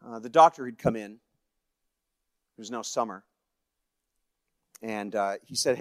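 A man's voice: lowish voice, takes it slowly, pauses often, no room sound, studio quality. A man from Canada, a guest speaker telling a personal story from his life, acting out the voices of the people in it. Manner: personal storytelling with acted-out quotes, swinging between hushed and lively. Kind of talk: storytelling sermon.

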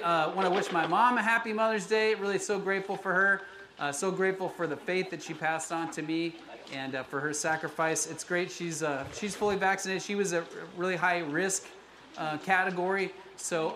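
A man in his forties from the United States, a pastor giving a chatty, personal, self-deprecating sermon in a church sanctuary. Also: a little high. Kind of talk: conversational sermon. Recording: echoey room with background noise.

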